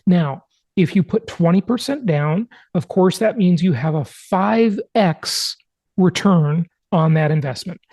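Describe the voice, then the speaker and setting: A man's voice: high-pitched, lively intonation, measured pace, a little mellow, no echo, studio quality. Emphatic man hosting a podcast. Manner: emphatic, persuasive, mocking of critics. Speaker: podcast host. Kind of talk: solo podcast monologue with slides.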